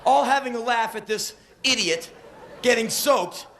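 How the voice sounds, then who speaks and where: A man in his thirties performing a comedic spoken word monologue on stage, breathless and swinging from deadpan to yelling. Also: extremely high pitch, measured pace, a little hiss or hum. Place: live stage. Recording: echoey live venue on old VHS.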